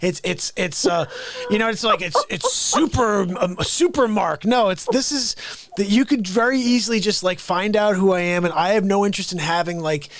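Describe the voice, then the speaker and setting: A man's voice: high-pitched, animated. A man hosting a casual live talk show, rambling and joking with many restarts. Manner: rambling, quick restarts, jokey. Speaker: host.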